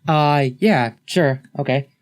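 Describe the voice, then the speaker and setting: A man narrating as game master of a tabletop game, relaxed and storytelling, slipping lightly into the gods' lines. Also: a little high, slow pace, no echo, clean studio sound.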